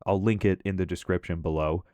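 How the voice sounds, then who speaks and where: A man casually telling funny stories about an old coworker as commentary over gameplay, talking in a lively, profane way. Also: low-pitched, a little fast, no echo. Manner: animated, profane, conversational. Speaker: gaming commentator and storyteller.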